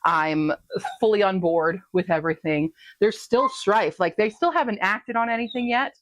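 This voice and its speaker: A woman casually talking through her reading progress in a home vlog, chatty and quick to laugh. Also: mid-range voice, no room sound. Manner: chatty, laughs often, talks to her pets. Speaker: book vlogger.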